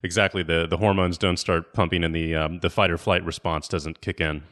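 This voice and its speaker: A man's voice: deep voice, flat delivery, a little fast, a bit bright. A man hosting a podcast interview, appreciative and affirming toward his guest. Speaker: podcast host.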